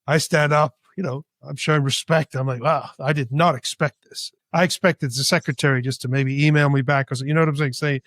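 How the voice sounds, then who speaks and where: A man's voice: medium pitch, quick pace, hardly any pauses, no room sound. A man born in Britain and raised in Spain, an artist telling his story as a guest and acting out dialogue. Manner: animated, acts out dialogue. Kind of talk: storytelling interview.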